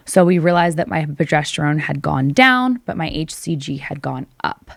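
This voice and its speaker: A woman's voice: deep voice, moderate pace, vocal fry, hardly any pauses, dry recording. A woman on a podcast, telling a personal story with feeling and acting out both sides of the conversations. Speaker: podcast co-host. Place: podcast studio.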